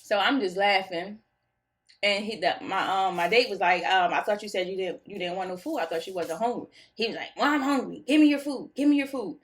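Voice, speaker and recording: A woman's voice: medium pitch, fairly quick. Goofy woman telling a storytime tale. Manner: goofy, laughs easily, animated retelling. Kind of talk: casual storytime chat.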